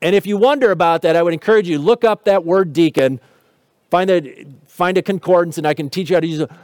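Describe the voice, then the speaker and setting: A man with a high, light voice delivers a teaching sermon, walking listeners through scripture and posing rhetorical questions. His tone carries light touches of humor, and the sound is dry and close with little room echo. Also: quick pace, a little mellow. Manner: explanatory, asks rhetorical questions. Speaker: pastor.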